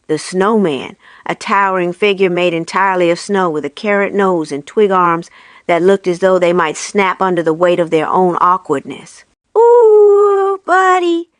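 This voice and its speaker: A woman reads a storybook aloud in a steady, expressive voice. Her tone is smooth and resonant, recorded dry and close with no room sound. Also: medium pitch, no room sound. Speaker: narrator. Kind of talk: storybook reading.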